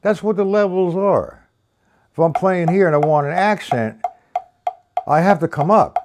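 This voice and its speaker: A man's voice: high-pitched, unhurried, darkish tone. Older male drum teacher, opinionated, rambling, counts time aloud. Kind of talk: live-streamed drum lesson.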